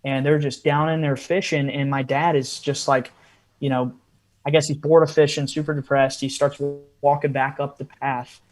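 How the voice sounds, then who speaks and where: A man's voice: mid-range voice, flat delivery, normal speed. A man, a podcast guest, telling a long story in a casual interview style with frequent asides.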